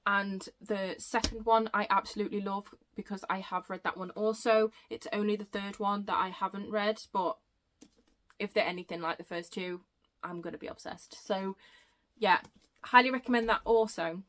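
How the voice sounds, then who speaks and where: A woman chatting excitedly on her book vlog, gushing and rambling with self-interruptions, a bit out of breath. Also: medium pitch, moderate pace, slight background noise. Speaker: book vlogger. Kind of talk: casual chatty book review.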